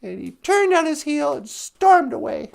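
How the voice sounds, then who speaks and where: Woman, storyteller, high voice, gravelly, chatty, humorous. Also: big pitch swings, measured pace. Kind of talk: casual storytelling.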